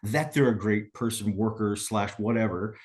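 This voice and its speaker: Speaking at a normal speed in a lowish, slightly mellow voice, this middle-aged business coach is a podcast guest who tells stories. He tacks a "right?" onto his points again and again.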